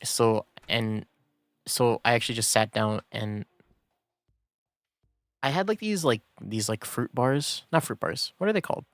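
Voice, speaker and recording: A man's voice: medium pitch, a little slow, long pauses, dry recording. A man chatting casually while streaming a game, laid-back and rambling, laughing often between thoughts. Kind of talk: casual gaming stream chat.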